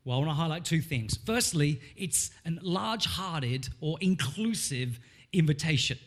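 A male pastor preaching a sermon in a church, animated and rising in emphasis when he reads scripture. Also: fairly high pitch, normal speed.

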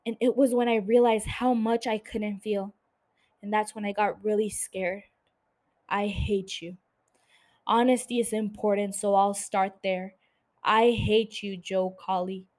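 A woman reads as a wounded woman who faces the man who shot her. Her measured, bitter words turn slowly toward forgiveness. The voice sits at a middle pitch for a woman. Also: fairly even intonation, darkish tone, lightly acted.

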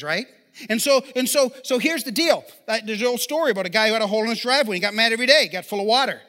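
A man's voice: extremely high pitch, pushed and bright. A man preaching a sermon in a conversational way, with self-deprecating jokes and restarts of his sentences. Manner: conversational, self-deprecating humor, repeats words when starting sentences. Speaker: pastor.

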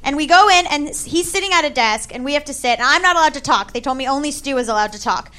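A young adult woman doing stand-up, telling a comic story with animated asides and acted-out voices. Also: sits high, quick pace. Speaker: stand-up comedian.

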